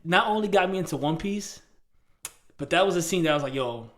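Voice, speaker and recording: A man's voice: sits high, fast. A man co-hosting a podcast, telling stories in a loose, slangy way with lots of fillers and restarts. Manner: animated storytelling, slangy, many fillers and restarts. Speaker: podcast co-host. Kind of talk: casual chat.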